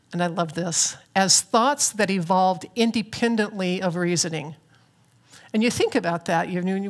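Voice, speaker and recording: A woman minister preaches from a church platform at a middle pitch. Her delivery is reflective and earnest, with flashes of gentle humor. It has an unhurried, spiritual-talk feel. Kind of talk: spiritual sermon.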